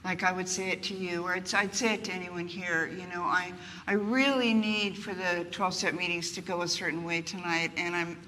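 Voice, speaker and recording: Older woman telling funny frank stories to a crowd, bright voice, big echoey hall with a faint hum. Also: fairly low pitch, a little fast, hardly any pauses. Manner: animated, self-mocking, acts out quotes. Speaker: guest author. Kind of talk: candid conversational storytelling. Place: retreat gathering before a live group. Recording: distant reverberant room, faint ambience.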